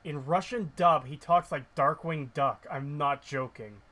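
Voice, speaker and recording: A man's voice: on the high side, a little slow, sharp tone. A male game streamer giving casual, ranting commentary, blunt and sarcastic, who swears freely.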